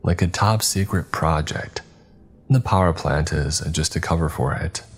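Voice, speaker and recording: A man's voice: extremely low pitch, a little slow, faint music behind. A man doing a blunt, wary young woman.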